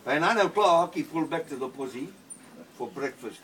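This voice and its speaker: A man's voice: fairly high pitch, expressive, moderate pace, a little hiss or hum. A man telling a comic story full of quoted dialogue, then singing a funny song. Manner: rambling anecdotal storyteller, asides and quoted dialogue. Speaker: comedian and singer. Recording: distant mic with loud guitar.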